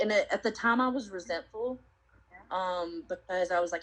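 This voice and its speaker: A woman sharing her personal testimony in an interview, telling her story earnestly and reflectively, with many pauses and fillers. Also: fairly low pitch, a bit bright, rough recording.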